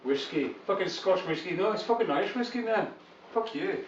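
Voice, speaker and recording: A man's voice: high voice, animated, fairly quick, slight background noise, pitched above the performer's own voice. A man putting on a swearing Scotsman. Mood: belligerent. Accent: put-on Scottish. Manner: shouty, swearing nonstop. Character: foul-mouthed brawling Scotsman, grown man. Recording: roomy, distant, dull home recording.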